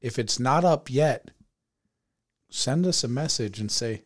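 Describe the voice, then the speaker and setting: A man's voice: mid-range voice, expressive, unhurried, long pauses. A man co-hosting a podcast, rambling through the sign-off in a crude, offhand way. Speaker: podcast co-host. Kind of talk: casual podcast outro.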